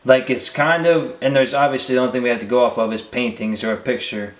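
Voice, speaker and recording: A man's voice: mid-range voice, fairly even intonation, quick pace. A man hosting a casual interview, talking in a rambling, unsure way full of hedges. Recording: echoey room.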